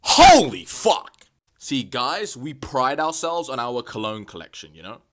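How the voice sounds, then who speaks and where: A young man vlogging comic rants, swearing constantly and bursting into exasperated shouts. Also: mid-range voice, sing-song, normal speed. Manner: profane, exasperated ranting with sudden shouts. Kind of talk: comedic rant vlog.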